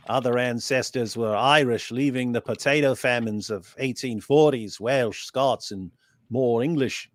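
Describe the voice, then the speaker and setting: A man's voice: mid-range voice, dry recording, close to an everyday voice. A man voicing a boastful, beer-drinking Australian commenter with an overdone, unconvincing put-on Australian accent.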